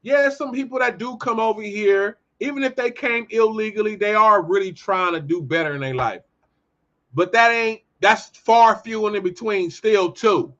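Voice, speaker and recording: A man hosting his own show, giving a heated, profane commentary monologue and telling animated stories. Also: sits high, moderate pace, dull audio. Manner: profane, ranting, animated storytelling. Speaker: podcast host.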